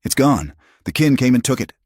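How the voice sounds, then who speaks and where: A narrator putting on a jittery small-town sheriff, defensive and strained. The voice climbs well above the narrator's own low register, with a dry, close sound. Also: male voice, very animated, fairly quick, darkish tone, breathy edge, dry recording. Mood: uneasy.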